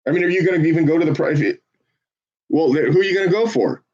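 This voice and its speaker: A man volunteering as a phone banker, chatting casually and swearing between calls, then switching to an upbeat salesman's pitch on the phone. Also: racing, a little mellow, dull audio. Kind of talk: casual livestream chat with live phone calls.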